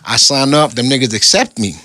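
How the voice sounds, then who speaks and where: A man's voice: medium pitch, pushed and bright, dry recording. A middle-aged man, telling the story of his time in prison in casual street slang. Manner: street slang, laid-back storytelling, rapid.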